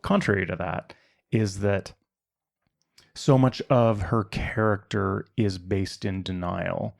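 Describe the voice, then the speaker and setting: A man hosting a podcast, discussing a film deliberately and weighing both sides of an argument. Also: deep voice, steady tone, gravelly. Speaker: podcast host.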